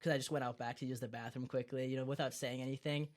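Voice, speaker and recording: A man's voice: mid-range voice, level tone, fast talker. A teenage young man with a Massachusetts accent, a podcast guest chatting casually in an easygoing, earnest way. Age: teens. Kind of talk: casual chat.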